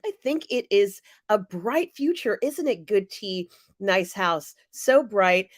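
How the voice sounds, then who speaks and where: A woman hosting a live stream, reading viewer comments aloud and answering them in a chatty way with many pauses and fillers. She sounds teary and emotional. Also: medium pitch, lively intonation, no echo, studio quality. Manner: warm, chatty, often pausing with fillers. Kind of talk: casual live-chat commentary.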